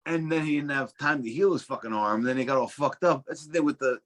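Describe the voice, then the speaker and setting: A man's voice: mid-range voice, fast, slight background noise. A young adult man telling casual stories as a guest, swearing freely and stumbling through restarts. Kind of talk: casual storytelling.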